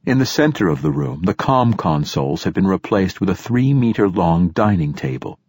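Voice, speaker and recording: Deep, husky male audiobook narrator. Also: animated, a little mellow. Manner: measured and descriptive. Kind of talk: first-person audiobook narration.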